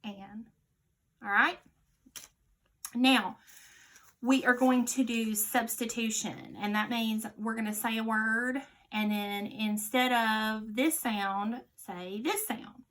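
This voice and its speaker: Her voice on the high side, a woman leads children through phonics, patiently giving slow, clear directions. She lowers to a hush for the answers.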